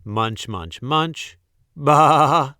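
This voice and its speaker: A man's voice: mid-range voice, animated, very slow, sharp tone, no room sound, studio quality, heavily acted. A man voicing a flock of placid sheep in a storybook reading, chewing and bleating. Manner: chewing sounds and bleating baa. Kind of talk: storybook read-aloud.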